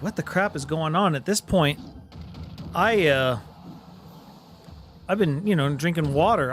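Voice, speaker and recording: Animated man telling a story on a stream. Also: on the high side, a little hiss or hum. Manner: animated storyteller, voices the people in his tale. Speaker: streamer host. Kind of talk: casual anecdote on a game stream.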